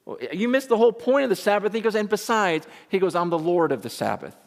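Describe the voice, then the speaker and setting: A man's voice: sits high, animated, quick pace, creaky. A man preaching a sermon in a conversational, emphatic way, retelling scripture in everyday speech. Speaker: pastor. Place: large meeting room with an audience. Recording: long reverb of a large hall.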